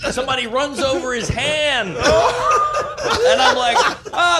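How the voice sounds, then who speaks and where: A comedian with a high voice that leaps all over as he spins a wild tale, shouting out sudden exclamations. His pitch swings widely from calm asides to excited bursts. Other people laugh loudly around him in the room. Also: unhurried, over a noisy crowd, very noisy. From Louisiana. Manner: animated, yelling exclamations. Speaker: comedian guest on a podcast. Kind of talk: comic storytelling.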